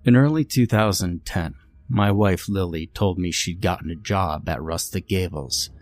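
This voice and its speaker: A man narrating a first-person horror story in a measured, bitter tone. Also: low voice, no echo.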